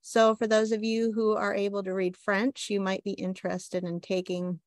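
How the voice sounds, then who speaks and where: A woman presents local history in a steady, informative way, speaking at a middling pitch. Now and then she drops in a light self-deprecating aside. The recording is dry and close, with no room sound. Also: normal speed, dry recording. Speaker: library reference assistant.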